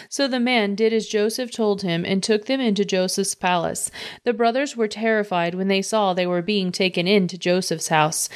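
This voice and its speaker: A woman reading a scripture passage aloud in an even, measured narration. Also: mid-range voice. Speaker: Bible reader.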